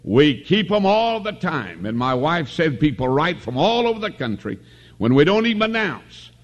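A man's voice: fairly high pitch, sing-song, moderate pace. A middle-aged man preaching at a revival in a tabernacle, folksy and homespun, joking and calling for amens. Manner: folksy, homespun, with jokes and calls for amen. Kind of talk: sermon.

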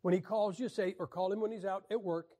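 Man, high voice, wry Bible teacher; lectures with jokes, clears throat a lot. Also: steady tone, fast talker, mellow. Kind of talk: joking classroom lecture.

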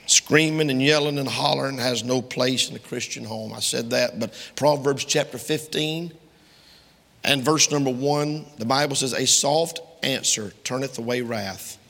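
A man delivers a sermon with a gravelly, creaky edge to his mid-pitched voice. He stresses King James verses and speaks straight to the congregation. His words ring out with the long echo of a church hall. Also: moderate pace, a bit bright. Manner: emphatic, quotes King James scripture; addresses the congregation directly. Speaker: preacher.

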